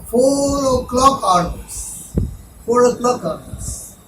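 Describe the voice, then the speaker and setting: A man's voice: very high voice, animated, takes it slowly. A man with a Tamil accent teaching a spoken English lesson, repeating each phrase several times to drill pronunciation. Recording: echoey room, mic far off, noisy.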